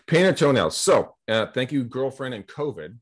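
A middle-aged California real estate agent tells rambling anecdotes in a casual podcast interview held over a video call. He's energetic and chatty, quoting dialogue, in a husky mid-range voice at a moderate pace.

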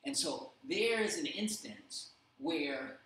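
A man's voice: on the high side, lively intonation, slow, pushed and bright. A man leading a casual Bible study discussion, telling stories animatedly with many fillers. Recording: very echoey room, faint background hum.

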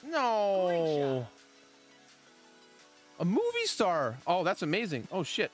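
A middle-aged man, chatting with his live chat while giving game commentary, swinging from calm tips to loud outbursts. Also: high voice, slow, long pauses, soft background music. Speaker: gaming livestreamer.

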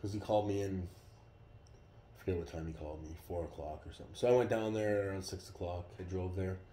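A man telling a story in a casual, profane, animated way. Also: deep voice, fast, a little hiss or hum. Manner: profane, animated retelling with acted quotes. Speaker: vlogger. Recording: roomy echo.

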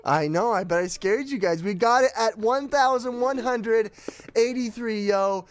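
A man commentating on his gameplay at home, with his children beside him, often bursting into joyful shouts. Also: very high voice, measured pace, faint music behind. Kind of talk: casual let's-play commentary.

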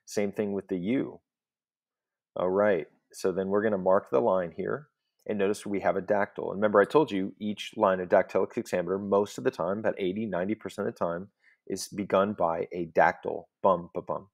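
A man's voice: sits low, steady tone, brisk, vocal fry. A man teaching a recorded Latin lesson, explaining step by step in a patient voice and often checking in with "okay?".

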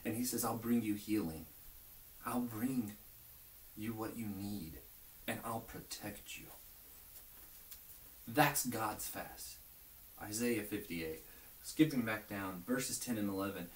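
A man's voice: lowish voice, takes it slowly, long pauses. Earnest young man preaching in an echoey room. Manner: earnest, conversational, drops to near whispers. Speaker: youth pastor. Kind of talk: informal video sermon. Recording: echoey room, mic at a distance, faint hiss.

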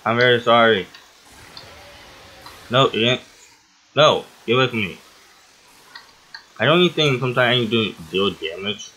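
A man giving casual, excitable let's-play commentary as the host of a gaming channel, rambling and often yelping or laughing. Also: medium pitch, normal speed, long pauses, a little hiss or hum, rough recording.

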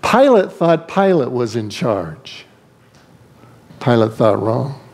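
A man's voice: medium pitch, big pitch swings, slow, darkish tone. A man preaching a sermon as pastor, asking rhetorical questions and shifting his emphasis.

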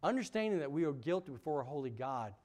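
Emphatic, higher-voiced male preacher. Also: very animated, quick pace. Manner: emphatic preaching with sudden loud peaks and soft drops; asks the congregation rhetorical questions. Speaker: pastor. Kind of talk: sermon.

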